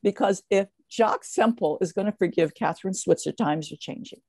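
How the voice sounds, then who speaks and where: An older woman, a guest in an interview, telling stories in a lively way with many fillers and restarts. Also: medium pitch, normal speed, breathy edge, dry recording. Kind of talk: casual interview storytelling.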